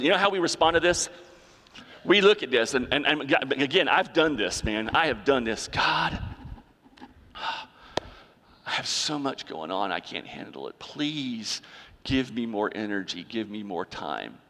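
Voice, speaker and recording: A man's voice: on the high side, fairly bright tone. A male pastor preaching a sermon, driving points home with repetition and rhetorical questions. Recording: long hall reverb.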